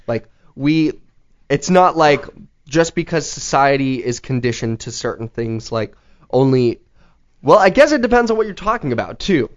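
A man's voice: mid-range voice, lively intonation, normal speed. A man in casual conversation, rambling through questions and filling his talk with "like". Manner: rambling, heavy use of "like", questioning. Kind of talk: casual chat. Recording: slightly dull lo-fi recording.

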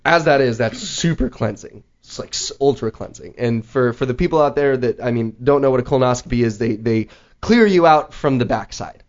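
A man hosting a show, telling a story in casual chat, rambling with lots of "like" and an animated manner. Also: mid-range voice, brisk. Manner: rambling, heavy use of "like", animated retelling. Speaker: podcast host. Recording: slightly dull lo-fi audio.

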